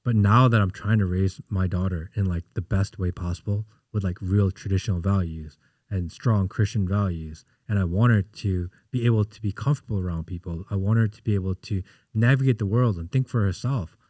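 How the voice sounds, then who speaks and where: A man in his thirties talks through stories as a podcast guest, with a somewhat low voice. He gets animated and acts out the lines of the people in his stories. The sound is dry and close, with no room in it. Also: a little fast, no echo. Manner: animated storyteller, acts out quotes. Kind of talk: casual interview chat.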